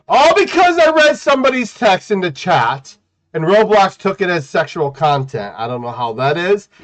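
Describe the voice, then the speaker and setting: A man casually chatting while streaming a game, playful and teasing, with sudden loud outbursts and sing-song scatting. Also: fairly high pitch. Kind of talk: casual gaming stream chat. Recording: muffled lo-fi stream audio.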